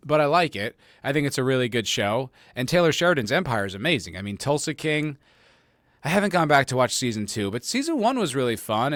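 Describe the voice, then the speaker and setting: A man's voice: mid-range voice, a bit bright, no echo. A man hosting his own podcast, talking casually and sarcastically, rambling and swearing, often laughing at his own jokes, on a close desk mic at home. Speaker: podcast host. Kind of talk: casual solo commentary.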